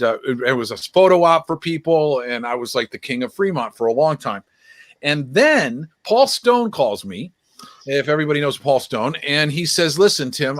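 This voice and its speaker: A man's voice: a little high, no echo. A man who is a guest magician telling a long anecdote on a video call, acting out the dialogue as he goes. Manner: acts out quoted dialogue in lively retelling. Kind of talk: anecdotal storytelling.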